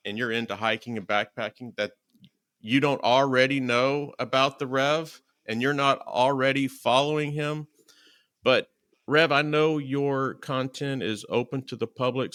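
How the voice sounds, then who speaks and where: Casting: male podcast host, bright, punchy voice, dry close mic, chatty storyteller. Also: mid-range voice, no room sound. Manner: chatty, animated storyteller acting out quotes. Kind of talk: casual interview chat.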